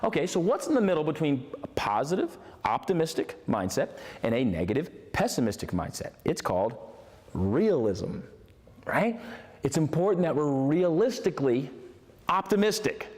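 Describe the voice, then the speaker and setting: A man's voice: a little high, normal speed. Emphatic man in a reverberant space. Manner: animated, emphatic, repeats key words. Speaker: motivational host. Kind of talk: motivational video talk. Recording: long hall reverb.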